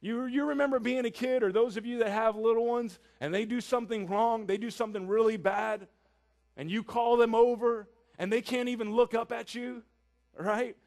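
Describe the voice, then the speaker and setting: High-voiced man preaching a sermon. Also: fairly even intonation, moderate pace, creaky, darkish tone. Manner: earnest, emphatic, with repeated phrases.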